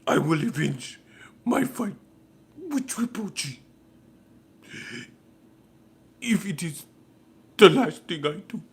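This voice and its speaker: A man's voice: sits high, big pitch swings, unhurried, breathy edge, voice pushed up, exaggerated voice. A man voicing a stiff, grandiose male warrior from a superhero film, speaking formally and solemnly with over-enunciated words. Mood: vengeful.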